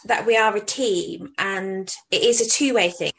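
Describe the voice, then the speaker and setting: A woman's voice: mid-range voice, measured pace, vocal fry, a bit bright, rough recording. A woman in her thirties from England, talking openly and casually about family life. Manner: open, candid, with restarts. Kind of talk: casual conversation.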